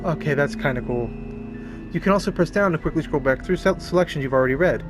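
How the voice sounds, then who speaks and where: A fairly high-voiced man reads a visual novel aloud on a stream, stopping often to crack crude jokes and laugh at the scenes. Game music plays clearly behind him the whole time. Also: fast.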